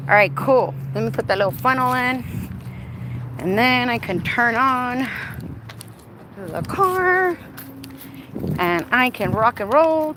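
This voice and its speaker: A woman chatting casually to her viewers while working on her car outdoors, playful and talkative. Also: a little high. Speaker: vlogger. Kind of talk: casual live-stream chat. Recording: outdoor recording with clear background noise.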